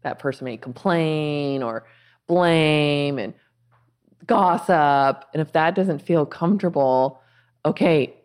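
A woman's voice: low-pitched, slow, darkish tone, clear, resonant tone. A woman guest in a conversation, giving earnest spiritual advice in short reflective phrases. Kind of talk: casual conversation.

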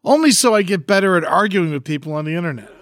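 A man's voice: high voice, lively intonation, fast, noisy background. A man co-hosting a podcast in casual, joking chat, often trailing off into mumbles. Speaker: podcast co-host.

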